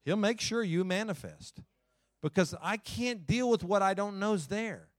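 A male pastor giving a lively sermon, talking straight to the congregation, with jokes and sudden loud, fiery stretches. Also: high voice, a little slow, dry recording. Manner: folksy, talks to the congregation directly.

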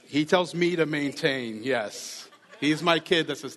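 A man's voice: on the high side, unhurried, a bit bright. A man giving a sermon as a pastor, earnest and conversational, repeating key phrases. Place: church sanctuary. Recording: reverberant church hall.

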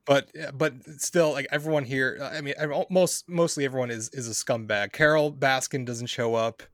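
Man, average pitch, casual podcast chat, halting, many fillers, dry sound. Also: fairly even intonation, no room sound. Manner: halting, full of uh and um. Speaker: podcast co-host.

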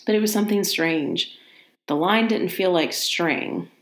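Low-voiced woman reading a horror story. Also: measured pace, reverberant. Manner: steady narration with casual asides.

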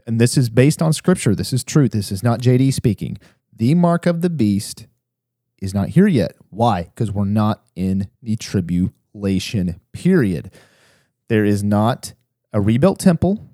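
A man hosting his own religious podcast, talking fast and urgently with frequent restarts. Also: medium pitch, mellow, dry recording, clean studio sound. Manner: fast, urgent, self-interrupting. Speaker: podcast host.

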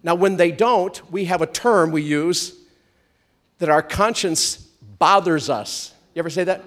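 Preaching to a church congregation, an animated man swings between loud comic outbursts and soft, hushed storytelling. His voice is high and his delivery a little slow.

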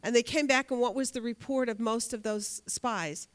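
Casting note: woman with a higher voice, Bible teacher quizzing her class and reading scripture. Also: normal speed. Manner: asks the class questions, reads scripture aloud. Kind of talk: Bible study lesson.

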